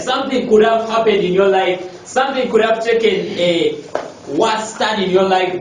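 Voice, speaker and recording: Male life coach addressing trainees; emphatic, rhetorical, repetitive; somewhat high voice, recorded from a distance in a faintly noisy, echoey room. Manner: emphatic, repeats key lines, rhetorical questions. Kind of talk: motivational talk to a group.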